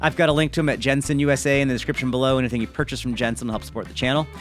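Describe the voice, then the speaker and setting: A man's voice: medium pitch, racing, faint music behind. A man hosting a mountain bike video, reading a viewer's story aloud with chatty, joking asides. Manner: lively, chatty, jokey asides.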